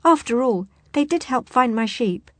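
A woman's voice: fairly high pitch, animated, moderate pace, no echo, voice pushed up. A woman voicing a brave, earnest young farm girl in a storybook reading. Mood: pleading.

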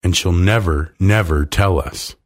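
A man's voice: low voice, unhurried. A man voicing a curious, eager young girl. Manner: pleading, eager.

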